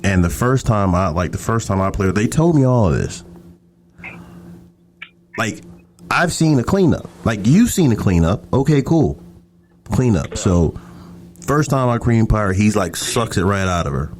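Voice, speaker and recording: A man's voice: on the low side, very animated, a little slow, pauses often, a little mellow, a little hiss or hum. A man who is a podcast guest, telling a story in a laid-back, casual and profane way.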